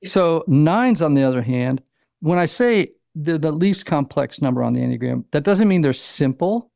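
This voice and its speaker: A man in his sixties, an author and psychotherapist, talking as a guest in an interview, animated and storytelling, acting out little quotes and using many fillers. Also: on the high side, normal speed, gravelly, dry recording, clean studio sound. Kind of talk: conversational interview.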